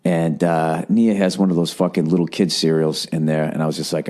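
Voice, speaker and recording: A man in his forties with a very deep, warm voice hosts a casual solo podcast at a moderate pace. His delivery is flat as he rants and swears, then turns to mocking himself.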